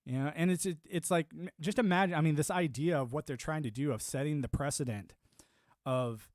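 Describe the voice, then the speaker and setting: A man's voice: a little high, brisk, a little mellow, no echo, clean studio sound. A man hosting a livestream, giving casual political commentary in a ranting way, often repeating words and mocking the voices he quotes. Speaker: livestream host.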